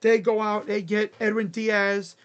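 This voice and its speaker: A sports channel host chatting casually on a live stream, making predictions in a jokey, rambling way with sudden shouted bits. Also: medium pitch, level tone, a little slow, clean tone, muffled recording. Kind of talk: casual live-stream commentary on baseball free agents.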